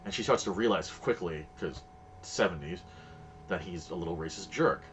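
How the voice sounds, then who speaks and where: This streamer, low-pitched and speaking at normal speed with a slightly bright tone, chats casually during his game, rambling through anecdotes and acting out other people's voices. A little hiss or hum can be heard.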